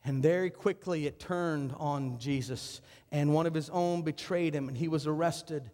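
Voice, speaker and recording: A man preaching a sermon as pastor, impassioned, swinging between urgent, driving passages and hushed, slow ones. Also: on the high side. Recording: long hall reverb.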